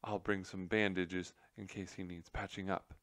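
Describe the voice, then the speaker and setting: A man's voice: little pitch movement, moderate pace, fairly bright tone, no room sound, clean studio sound. A man reading aloud and voicing an anxious, fussing female mouse housewife in a raised, fluttery voice. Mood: worried. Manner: high fluttery worried voice.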